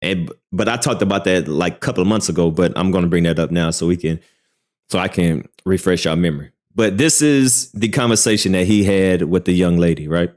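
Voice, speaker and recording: A man with a fairly low voice hosts a relaxed livestream news commentary. He hedges every claim and keeps checking in with "all right" and "right?". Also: a little fast. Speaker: commentary channel host.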